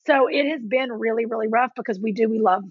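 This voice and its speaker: A woman in her forties in casual chat, telling lively stories and acting out quotes in a higher voice. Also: fast, breathy edge, no echo, dull audio. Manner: animated storyteller, acts out quotes with a jump in pitch. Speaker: podcast guest.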